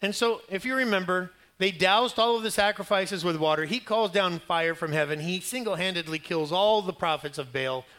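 A preacher with a high-pitched voice speaks at a moderate pace with few pauses. His sermon tells a Bible story in a funny, conversational way: he acts out the quotations and gets loud at each climax.

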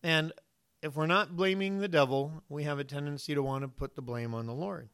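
Pastor, male, high bright clear voice, animated sermon storytelling with acted-out quotes. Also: fairly quick.

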